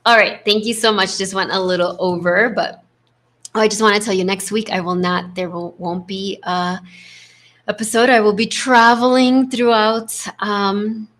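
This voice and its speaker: A woman hosting a spiritual leadership coaching talk, speaking in a gentle, affirming way with a constant "right?" tag and acting out inner voices. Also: mid-range voice, fairly even intonation, moderate pace. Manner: acts out inner voices with shifts in tone.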